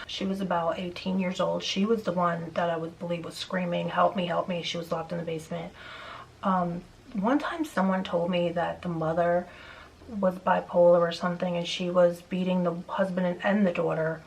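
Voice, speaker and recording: A woman's voice: fairly low pitch, little pitch movement, normal speed, creaky, a little mellow, a little hiss or hum, poor audio. A woman vlogger telling a neighbor story in casual, rambling chat, venting with frequent restarts.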